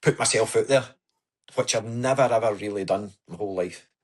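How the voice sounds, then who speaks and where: Give me a man with a low, husky voice telling his story as an interview guest. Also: fairly quick. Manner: earnest, storytelling, says "aye" and "wee" often. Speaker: podcast guest. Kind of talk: casual interview chat.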